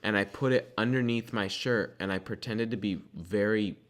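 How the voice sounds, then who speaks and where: Low-voiced teen guy rambling through a story. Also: normal speed. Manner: rambling storyteller, keeps pushing on with side stories. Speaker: podcast co-host. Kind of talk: casual chat.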